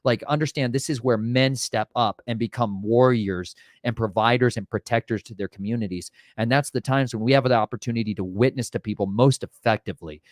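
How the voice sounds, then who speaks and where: A man with a Southern American accent recounts events in loose, casual talk, slipping into voices for the people he met. He turns preachy at times, sounding fervent about faith. The sound is dry and close, with his voice sitting at a plain middle pitch. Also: a little fast, hardly any pauses, dry recording. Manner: animated, acts out his own and others' voices in retold dialogue; preachy, mixes religious exhortation into talk. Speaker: vlogger sharing storm preparedness experiences. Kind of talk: casual storytelling chat.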